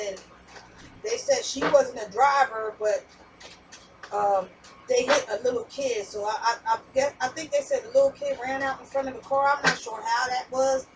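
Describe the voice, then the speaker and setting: A woman's voice: fairly high pitch, distant mic, rough recording. A woman giving a casual tarot reading, rambling and repeating herself, with some swearing. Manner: rambling, repetitive, profane. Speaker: tarot reader.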